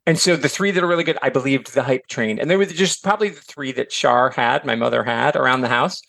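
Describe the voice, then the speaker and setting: A middle-aged man from Michigan chatting as a podcast guest, animated and filler-heavy, slipping into voices for quotes. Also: mid-range voice, quick pace, vocal fry, dry recording. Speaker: podcast guest, author and educator. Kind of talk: casual chat.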